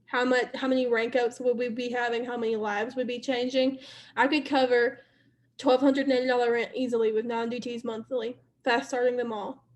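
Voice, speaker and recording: High-voiced woman giving a chatty pep talk. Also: flat delivery, a little fast. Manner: chatty and repetitive, addressing viewers directly. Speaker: team leader speaking to her sales team. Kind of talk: casual motivational live stream talk.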